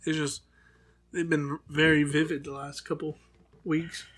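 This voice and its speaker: A man co-hosting a live podcast, talking in a laid-back, halting way that often trails off. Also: on the high side, level tone, a bit bright. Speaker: podcast co-host. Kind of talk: casual chat.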